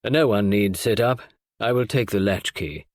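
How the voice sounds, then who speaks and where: A man's voice: lowish voice, moderate pace, dry recording, clean studio sound, lightly acted. A man voicing an impassive, formal middle-aged husband in a storybook reading.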